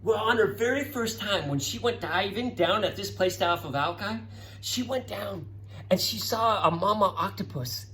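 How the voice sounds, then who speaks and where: A middle-aged man telling children a science story, calling each child by name and getting excited as he goes. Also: sits high, moderate pace, slight background noise, poor audio. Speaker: presenter talking to children. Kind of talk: storytelling science talk for kids.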